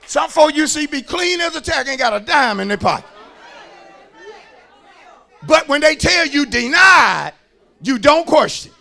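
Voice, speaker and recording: High, shouting preacher man. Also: big pitch swings, measured pace, gravelly, pauses often, a faint crowd. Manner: shouting, rhythmic preaching with sing-song calls to the congregation. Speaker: pastor. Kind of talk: sermon. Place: church.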